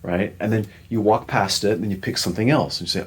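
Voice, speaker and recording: A man co-hosting a podcast, chatting casually and telling an animated story that acts out the lines of other people. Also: lowish voice, fast talker, hardly any pauses, slightly rough. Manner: animated storyteller, acting out quoted dialogue. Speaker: podcast co-host.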